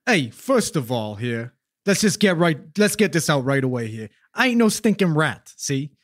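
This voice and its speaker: A brash, swaggering wise guy with a thick New Jersey accent, as a podcaster puts him on, jumping high into sharp outbursts. He talks street-tough and never gives anything away. The sound is dry and close. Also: normal speed, no echo. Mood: defiant. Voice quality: brash, streetwise, swears, rising excited outbursts.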